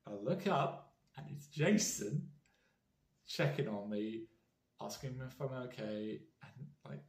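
A man's voice: mid-range voice, animated, slow pace. A man with a British accent giving a heartfelt, rambling fan message with frequent restarts. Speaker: fan vlogger. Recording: roomy echo.

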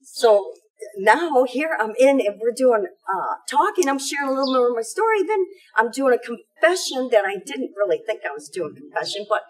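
A middle-aged woman gives a heartfelt personal testimony. Her voice sits a little high and is husky. She rushes through her story with fervor, piling on fillers as she goes. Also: animated, poor audio. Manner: fervent, tumbling storytelling with many fillers. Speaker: parishioner giving a testimonial.

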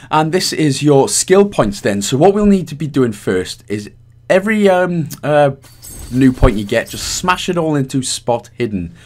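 A man's voice: on the high side, sing-song, measured pace, few pauses, darkish tone. A man with a Welsh accent giving chatty, rambling, self-mocking walkthrough commentary as a gaming guide host.

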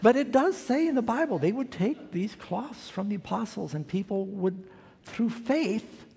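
A man's voice: sits high, animated, unhurried, creaky, warm tone, breathy edge, long reverb tail. An older man preaching a sermon as pastor, telling a story and acting out the quoted voices.

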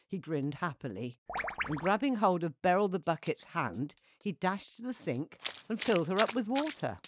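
A woman narrating a bedtime story for children in a playful, expressive way, with a noisy hiss behind her. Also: fairly low pitch, normal speed.

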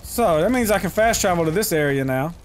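A man giving casual, profane let's-play commentary, talking to himself and to the game and breaking into loud excited yells. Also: high-pitched, fairly quick, a little hiss or hum. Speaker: gaming channel host.

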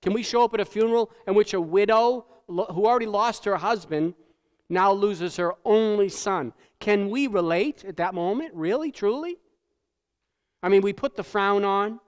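A male pastor delivers a sermon in a slightly raised voice that hangs in the long reverb of a church hall. He talks to the room conversationally, tags his points with "right?" and sinks to a hush for the solemn parts. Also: high-pitched, moderate pace, clear, resonant tone. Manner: tag questions, repeats words. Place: church sanctuary.

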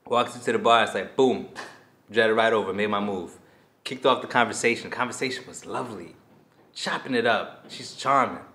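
Animated man telling a personal story. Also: lowish voice, moderate pace. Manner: animated, acts out his own past lines and reactions. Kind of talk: casual storytelling to camera.

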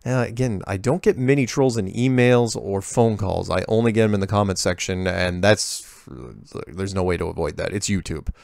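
A man's voice: fairly low pitch, moderate pace, gravelly, hardly any pauses, a little mellow, dry recording, clean studio sound. A man hosting a show where he reads and answers viewer emails in a rambling, casual way, often restarting his sentences and making sarcastic asides. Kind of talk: casual monologue reading emails.

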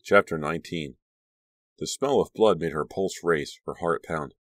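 A man's voice: very deep voice, measured pace, a bit bright, no echo, studio quality. A man narrating a horror audiobook with an intense, vivid reading.

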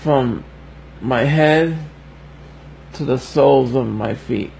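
A young man talks slowly and haltingly, his voice gravelly with fry as he tries to hold back tears. He is giving an emotional birthday message on a livestream, and a faint noise sits behind him. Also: medium pitch, a little mellow, low-quality recording. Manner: slow, halting and heartfelt, fighting back tears.

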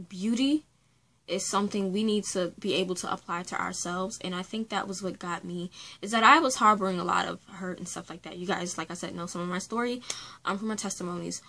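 A woman's voice: mid-range voice, fairly bright tone, poor audio. Young female book reviewer, casual and heartfelt, talks with frequent ums and restarts. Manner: chatty, earnest, with many fillers.

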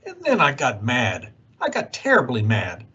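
Expressive man reading a rhyming storybook. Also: medium pitch, moderate pace, slightly rough, dull audio. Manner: expressive rhyming read-aloud, swooping delivery. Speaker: youth organization director.

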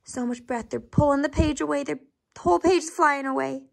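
A woman reading a storybook aloud to children, pausing to ask questions and dropping into soft whispered asides. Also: sits high, gravelly. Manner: gentle, asks the listener questions, whispered asides.

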